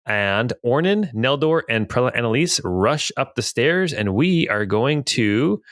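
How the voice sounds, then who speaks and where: A man's voice: medium pitch, expressive, a little slow, fairly bright tone. A man narrating as game master of a tabletop adventure, describing scenes with frequent hesitations and fillers.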